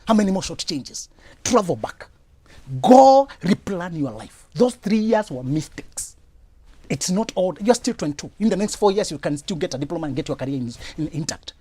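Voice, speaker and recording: A man's voice: high-pitched, normal speed, breathy edge. Preachy man giving blunt advice. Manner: forceful, preachy, lively. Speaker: relationship advice guest. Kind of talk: blunt advice on a talk show.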